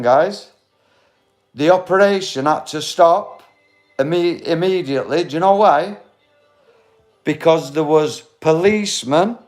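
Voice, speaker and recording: Man, slightly high voice, blunt, swearing, live-stream chat, faint music behind. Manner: blunt, heated, swears, talks straight to the chat.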